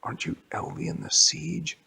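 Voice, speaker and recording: A man voicing a suspicious grown-up neighbor in a softly whispered bedtime-style story. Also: normal speed.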